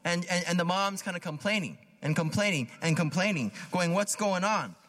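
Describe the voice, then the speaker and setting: Bright high man preaching in a hall. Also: brisk. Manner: conversational, repeats words, asks the listeners "right?". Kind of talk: sermon. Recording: long hall reverb.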